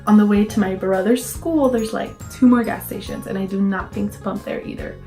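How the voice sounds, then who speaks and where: A woman's voice: medium pitch, steady tone, fairly quick, dark tone, soft background music. A young woman telling a casual story-time tale, chatty and full of fillers, acting out her own panicked quotes. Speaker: vlogger.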